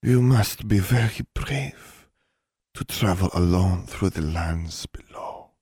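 A man voicing a mysterious, seductive woman in an audiobook, speaking slowly in a breathy half-whisper. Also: fairly low pitch, a little mellow, no room sound, studio quality, pitched above the performer's own voice, full character voice.

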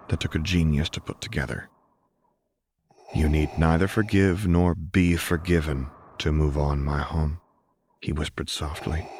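A man reading fan fiction aloud in a soft, hushed storytelling voice. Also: a bass voice, slight background noise. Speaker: audiobook narrator. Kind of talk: scripted narration of fan fiction.

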